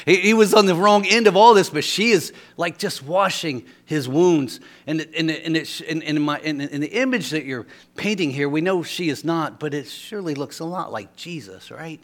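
A man's voice: on the high side, fairly bright tone. A man preaching a sermon as a storyteller, often repeating words as he restarts a thought.

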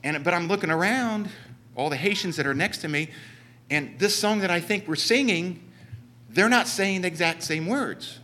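A man's voice: high-pitched, normal speed, sharp tone. A man with a Southern Ohio accent telling a long, rambling story from the church pulpit in run-on sentences. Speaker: church member giving a talk. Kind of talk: sermon storytelling. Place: church sanctuary.

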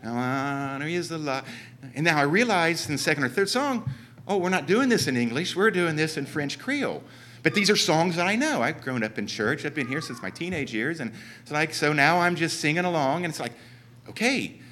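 Man, Southern Ohio accent, bright tone, rambling self-deprecating storyteller at a church service. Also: on the high side, big pitch swings, brisk, a little hiss or hum. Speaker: church member giving a talk. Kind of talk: sermon storytelling. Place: church sanctuary.

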